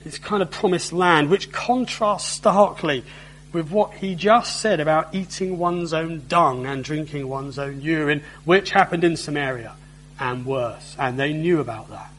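A man's voice: fairly high pitch, measured pace, a bit bright, a little hiss or hum, low-quality recording. A man preaching a sermon in a conversational way, often asking his listeners tag questions.

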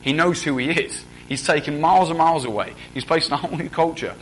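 A man's voice: a little high, fast, a little hiss or hum, low-quality recording. A young man preaching a sermon in a conversational way, often putting questions to the congregation.

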